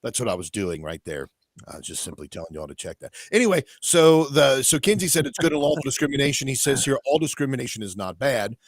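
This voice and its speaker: A man co-hosting a talk radio show, reading listener comments and reacting with mock shouting. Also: mid-range voice, fast talker, no room sound. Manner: animated, reads comments aloud with mock shouting. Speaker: radio co-host.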